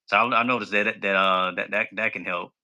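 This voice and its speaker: A man's voice: lowish voice, steady tone, a little fast, bright, forceful tone. A bubbly, extroverted man chatting casually as a podcast guest. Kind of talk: casual chat.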